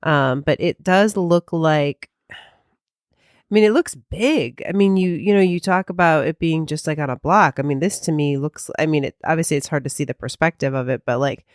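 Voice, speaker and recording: A woman co-host chatting in a casual, rambling way, with a fairly low voice. The sound is dry and close, with no room echo. She hedges often as she thinks aloud. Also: moderate pace. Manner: rambling, hedging with "I mean" and "um". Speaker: podcast co-host. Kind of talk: casual chat and reading listener mail.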